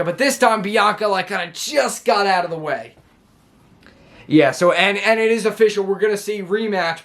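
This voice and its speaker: A man casually recapping a wrestling show for his vlog, rambling with many restarts and fillers, filmed at home on his own camera. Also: sits high.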